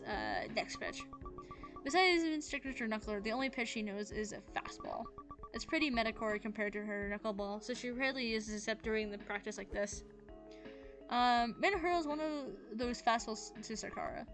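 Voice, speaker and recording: Let's play host, woman, casual reader, slightly high voice, game music behind. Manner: casual, with fillers and restarts. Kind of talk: reading a visual novel aloud with commentary.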